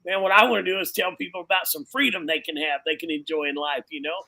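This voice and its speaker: A man's voice: fairly high pitch, fairly even intonation, fast talker, sharp tone, rough recording. A man, a biker pastor and podcast guest, giving a casual testimony in a loose, preachy way, dropping "man" and "you know" throughout.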